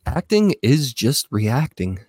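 A man's voice: medium pitch, big pitch swings, slow pace, a little mellow, slightly rough, dry recording. Stoned guy in his 30s cohosting a podcast, swings up and down a lot, swears, says dude constantly, dry close sound. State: high. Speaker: podcast co-host. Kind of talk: casual chat.

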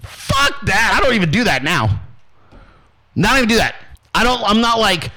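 A man whose voice sits high, with huge pitch swings, a moderate pace, frequent pauses and a bright, forceful tone, is heard on a low-quality recording. He hosts his own show, giving a brash, swear-filled motivational rant and performing the voices of people he quotes.

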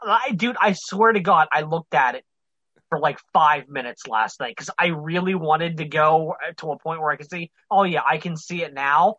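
Blunt, bright-voiced podcast host. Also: male voice, a little high, moderate pace, no room sound, lo-fi sound. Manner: blunt, opinionated, swears freely. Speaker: podcast co-host, wrestling news reporter. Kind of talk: casual podcast chat.

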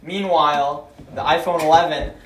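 A man's voice: fairly high pitch, fairly even intonation, moderate pace, recorded from a distance, a little hiss or hum. A teenage boy in casual chat with friends, rambling through an argument with many restarts. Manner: rambling, argues phone specs with many restarts. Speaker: co-host. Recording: roomy echo, off-mic.

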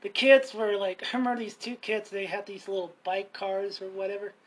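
A woman's voice: mid-range voice, level tone, fairly quick, low-quality recording. A young woman in casual conversation, rambling through work stories with frequent laughter and acted-out quotes. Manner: rambling, laughs often, acts out quoted dialogue. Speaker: storyteller in casual chat. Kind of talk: casual chat.

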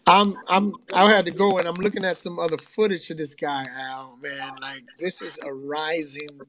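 A man's voice: fairly high pitch, little pitch movement, normal speed, fairly bright tone. A man co-hosting, enthusiastically hyping the guest and asking questions. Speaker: co-host. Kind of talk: casual podcast interview.

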